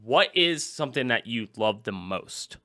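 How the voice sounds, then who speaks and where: A podcast host speaks in a mid-range voice, a little slowly. Chatting casually, he recounts stories in an animated way, acting out quoted lines.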